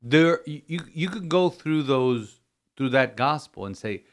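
With a slightly high voice, lively intonation, and measured pace, a priest delivers a homily-style scripture reflection on a podcast. His delivery is emphatic and repetitive, marked by stumbles and restarted sentences.

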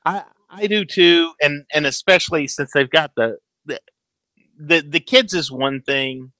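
A man in his thirties hosts a casual chat about a show. His voice is bright and forceful, the sound dry and close, and he tumbles into restarts while acting out what characters say. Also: a little high, unhurried, dry recording, rough recording. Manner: animated, stammers, acts out quotes. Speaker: podcast host.

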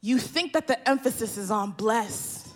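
A woman preaching a sermon, building to impassioned, shouted refrains. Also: a little high, animated, a little slow.

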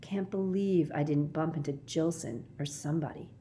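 A bold, tough young girl in a storybook, telling her tale in a brisk, matter-of-fact way, lower in pitch. A woman voices her while narrating. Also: warm tone, slight background noise, lightly acted. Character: tough bold girl, Kate, cold and soaked.

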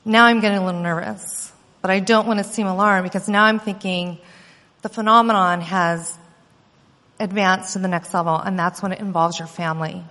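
Woman, a mother, earnest animated storyteller, middle pitch, recorded with long reverb. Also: brisk. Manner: earnest, animated telling with quoted dialogue. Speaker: mother recounting an experience. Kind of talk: personal storytelling.

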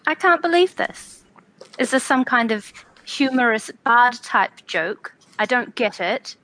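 A woman's voice: fairly high pitch, expressive, unhurried, bright, forceful tone. A woman voicing a cheerful, bewildered adventurer in a tabletop game. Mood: puzzled.

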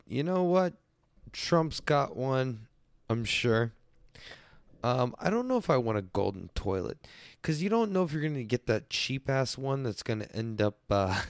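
A man's voice: mid-range voice, animated, measured pace, dry recording. A man hosting a casual chat stream, rambling, crude and joking as he answers viewers.

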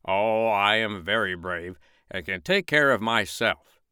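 A man voicing a boastful, strutting male rooster in a storybook reading, bragging loudly and pompously. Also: on the low side, expressive, a little slow, smooth, dry recording, clean studio sound.

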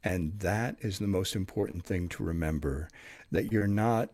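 A man with a somewhat low voice talking casually, relaxed and chatty, with many pauses and fillers. The recording is dry and close, with no echo at all. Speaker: audiobook narrator. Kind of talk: casual interview talk.

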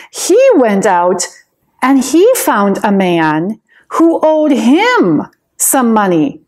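Slow, expressive woman telling a Bible story. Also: a little high. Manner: gentle, expressive, deliberate. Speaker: Sunday school teacher.

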